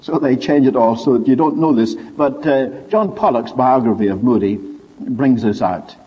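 Male preacher, husky and animated, recorded lo-fi in a big echoing hall. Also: normal speed. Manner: lively storyteller with wide pitch swings. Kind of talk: sermon storytelling. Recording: dull lo-fi recording with long hall reverb.

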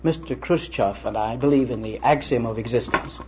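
Speaking at a moderate pace and medium pitch, an older male preacher lectures students in a hall, weaving stories and recounted conversations into his sermon in a chatty way. The recording sounds old, dull, and lo-fi, with a faint hiss.

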